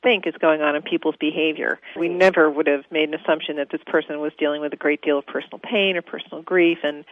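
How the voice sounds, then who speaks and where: A woman's voice: sits low, steady tone, quick pace, hardly any pauses, no room sound. A woman radio host responding thoughtfully in an interview, over tinny phone-like audio.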